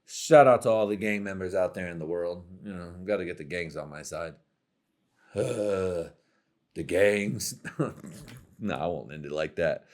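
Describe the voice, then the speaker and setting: A man's voice: deep voice, unhurried, pauses often. A man casually rambling through stand-up jokes he is trying out, loose and profane. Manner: rambling, profane, laid-back. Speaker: comedian.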